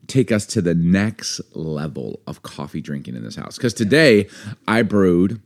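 Casual podcast co-host, male, lower register, chatty and animated storyteller. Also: measured pace, vocal fry. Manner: animated storytelling, acts out quoted voices. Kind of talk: casual chat.

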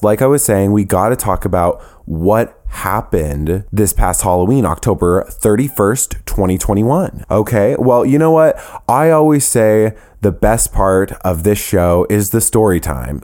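A man with a fairly low voice hosts a casual solo podcast and talks straight to his listeners. He is sassy, animated and profane, and he breaks into playful laughs. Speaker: podcast host.

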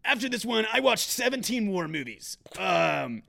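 A man's voice: high voice, big pitch swings, moderate pace, vocal fry, few pauses, bright, forceful tone. A man co-hosting a casual movie review podcast, joking and reading out reviews, with a lot of restarts. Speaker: podcast co-host.

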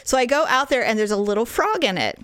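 Smooth, higher-voiced woman telling a story. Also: fast, no echo. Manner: animated, profane storytelling with acted-out quotes. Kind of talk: casual chat.

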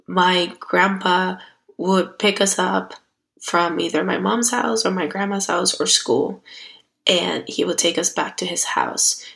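A woman's voice: on the low side, steady tone, takes it slowly, gravelly, a bit bright, rough recording. A young woman hosting a solo self-growth podcast, talking in a chatty, heartfelt way that turns emotional. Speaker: podcast host. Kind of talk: casual solo podcast talk.

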